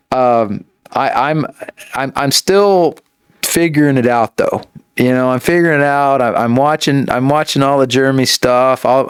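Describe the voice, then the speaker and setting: A man as a podcast guest in casual conversation, earnest and talking in halting, repeated starts. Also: mid-range voice, smooth, no room sound, clean studio sound.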